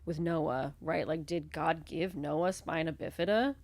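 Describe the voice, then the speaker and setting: Low gravelly woman, chatty podcast host. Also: unhurried, a little mellow, no echo. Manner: conversational, frequent "right?" and "like". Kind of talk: casual podcast conversation.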